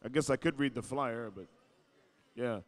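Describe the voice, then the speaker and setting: Over a PA microphone at a powwow arena, a man announces a live event, calling out names in an easygoing, joking way. His voice is mid-range and his pace moderate.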